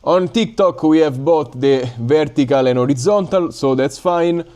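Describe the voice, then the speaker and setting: A man from Italy with an Italian accent, chatting casually and haltingly on a live stream while building drones, with many fillers and stops. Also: on the high side, a little mellow. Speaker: drone hobby livestreamer.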